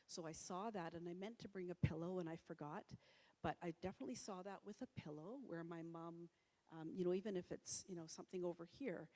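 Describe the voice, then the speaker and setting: Woman, middle-aged, presenter, chatty with ums and restarts, low voice, long hall echo. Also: steady tone, brisk, mellow. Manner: conversational, with many fillers and restarts. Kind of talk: public talk. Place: church hall. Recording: reverberant hall.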